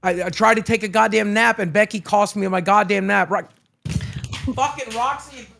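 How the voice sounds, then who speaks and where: A man's voice: high voice, fairly even intonation, a little fast, creaky, sharp tone. A man co-hosting a live stream, talking casually, emotional and profane, short on sleep. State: sleep-deprived. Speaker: streamer co-host.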